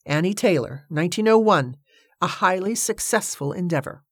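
A narrator voicing a brisk, commanding woman who lectures the others in an audiobook. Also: medium pitch, lively intonation, dry recording, studio quality. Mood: bossy. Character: bossy, brisk woman campaigner.

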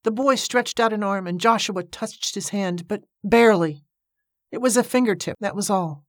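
A woman narrating an audiobook in a steady, measured storytelling manner, recorded on a close microphone. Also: medium pitch, no echo.

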